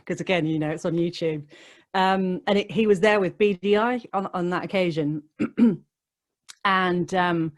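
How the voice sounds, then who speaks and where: A woman's voice: fairly low pitch, unhurried. A woman, a radio DJ, chatting as a podcast guest and telling stories with frequent laughs. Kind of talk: casual interview chat.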